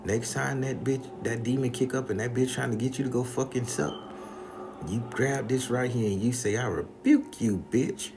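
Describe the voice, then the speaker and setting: A man's voice: mid-range voice, fairly even intonation, moderate pace, background noise, pitched above the performer's own voice, close to an everyday voice. A man voicing a stern old grandmother who gives blunt, profane orders. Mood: soothing but firm. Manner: bossy, profane scolding.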